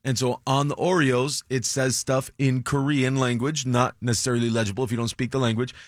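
A man's voice: mid-range voice, little pitch movement, fairly quick, no echo, studio quality. A man co-hosting a morning radio show, telling stories and joking with his co-host in casual banter.

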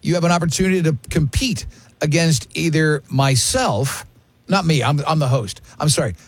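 A man hosting a radio show, running a trivia game with casual, joking banter and quick asides. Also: on the high side, husky, no room sound.

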